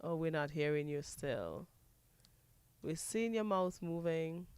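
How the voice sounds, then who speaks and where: A woman hosting a radio show, curious and brisk, repeating phrases back to her guest. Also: deep voice, expressive, a little mellow, clean tone, no room sound. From Dominica. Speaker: radio host. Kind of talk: casual radio talk. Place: radio studio.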